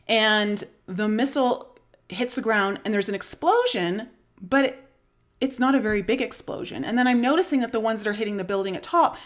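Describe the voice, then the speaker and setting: A spiritual vlogger with a Canadian accent tells a long story about a dream on a live stream, casual and rambling, full of fillers and small laughs. Her voice is on the high side and a little fast.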